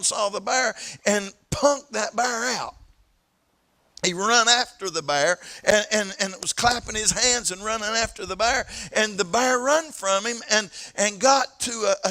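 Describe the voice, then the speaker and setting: A man preaching with a Southern East Tennessee accent, his voice high and ringing bright. He tells stories from the pulpit, repeating himself as he builds up and stretching out the words he wants to land. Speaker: pastor. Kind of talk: sermon. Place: church sanctuary.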